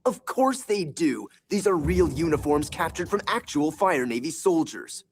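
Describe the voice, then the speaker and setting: A boastful, self-absorbed teenage warrior from an animated series, with a raised, lively, cocky delivery. Background noise sits under the clip. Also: male voice, a little high, normal speed. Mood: smug. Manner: cocky and dismissive.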